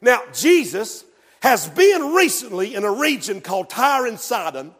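A man's voice: sits high, in a large hall. A man preaching a sermon emphatically, with call-and-response asides.

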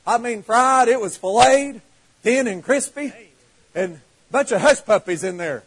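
A chatty, folksy boy voiced by a man with a full belly, telling about his lunch in an easygoing way. The voice is high, relaxed and homespun, as in a preacher's retelling. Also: unhurried, full character voice. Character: boy with a wagon of fish, chatty.

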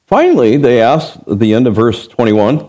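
A man's voice: medium pitch, sing-song, moderate pace, mellow. A man preaching an expository Bible sermon as pastor. He is emphatic, asks the listeners rhetorical questions and acts out the verses he quotes.

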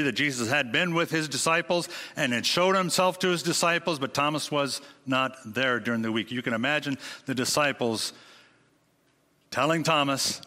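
A man preaching a sermon, speaking emphatically with dramatic swings in pitch and rhetorical questions to his congregation. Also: bright, forceful tone. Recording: long hall reverb.

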